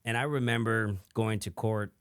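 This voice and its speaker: A man's voice: on the low side, fairly even intonation, moderate pace, no room sound, clean studio sound. A middle-aged man from San Antonio speaking as a podcast guest, talking frankly and restarting his sentences, with lots of "you know.". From San Antonio, Texas. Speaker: podcast guest, event entrepreneur. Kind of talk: candid conversational interview.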